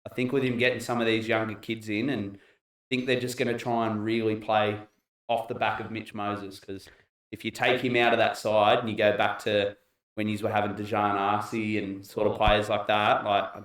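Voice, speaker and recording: A man's voice: lowish voice, level tone, normal speed, distant mic. A man with an Australian accent in casual sports chat on a podcast, often breaking into laughter. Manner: laughing, loud bursts. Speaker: podcast co-host. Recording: roomy, off-mic.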